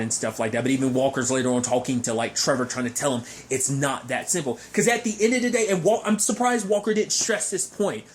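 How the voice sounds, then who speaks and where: A man's voice: medium pitch, fast talker, slight background noise. Rambling man recapping a show. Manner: rambling, animated, frequent restarts and fillers. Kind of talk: casual episode recap.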